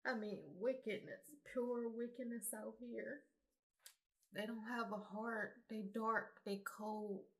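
A woman's voice: fairly high pitch, little pitch movement, takes it slowly. A woman giving an earnest, emphatic spiritual monologue straight to her viewers in a casual vlog. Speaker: vlogger.

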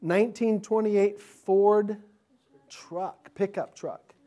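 A middle-aged man, a pastor, telling stories to children in an animated, chatty way, often restarting his sentences. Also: high-pitched, slow. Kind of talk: children's sermon storytelling.

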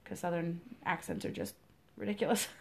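A young woman with a Midwestern accent chats casually on a podcast. Her voice sits on the lower side. She talks with easy enthusiasm and lots of fillers. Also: steady tone, a little fast, gravelly, darkish tone. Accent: Midwestern American. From American Midwest. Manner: chatty, enthusiastic, many fillers. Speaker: podcast co-host. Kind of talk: casual chat.

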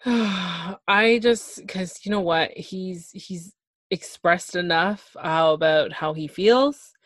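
A woman's voice: fairly low pitch, takes it slowly, fairly bright tone, no room sound. A woman co-hosting a podcast, giving opinionated takes in casual recap chat. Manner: opinionated, agreeing and adding emphasis. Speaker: podcast co-host.

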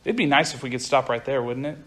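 A young man giving a casual youth sermon to a group, talking fast and chatty, often stopping to restart his sentences. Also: medium pitch, a bit bright. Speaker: youth pastor. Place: room with a group of listeners.

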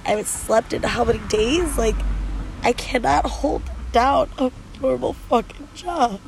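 A worn-out woman talks frankly to the camera while sitting at the beach, her voice crackling with gravelly fry. She sounds drained and tearful, with a stuffy nose, and her rambling talk is blunt and full of swearing. Soft outdoor ambience sits faintly behind her. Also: sits high, a little slow. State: exhausted and sleep-deprived. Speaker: vlogger. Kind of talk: candid confessional vlog.

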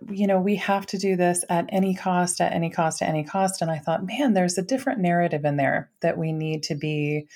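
A woman's voice: on the low side, darkish tone. A woman hosting a podcast interview, enthusiastic and affirming toward her guest. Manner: enthusiastic, affirming, laughs often. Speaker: podcast host.

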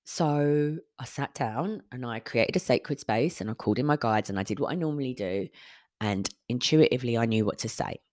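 A woman's voice: a bass voice, expressive, moderate pace, darkish tone, no room sound, studio quality. A woman, hosting a podcast and telling a personal story in a candid manner, often swearing and retelling conversations. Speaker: podcast host.

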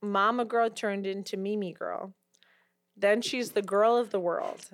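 A woman co-hosting a podcast in casual chat, giggly and animated as she tells stories, on a close mic. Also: mid-range voice, a little slow, dry recording. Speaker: podcast co-host.

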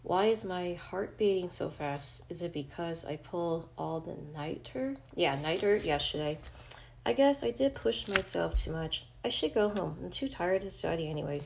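A woman's voice: fairly low pitch, expressive, moderate pace, vocal fry, slight background noise. Woman reading as a flustered student girl, thinking aloud, a bit fried. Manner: self-talking, flustered. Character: flustered tired young female student.

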